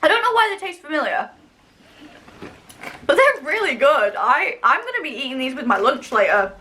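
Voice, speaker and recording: A woman's voice: sits high, big pitch swings, moderate pace, sharp tone, a little hiss or hum. A young woman from the UK chatting casually and enthusiastically while reviewing snacks in a vlog, with lots of fillers. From United Kingdom. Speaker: vlogger.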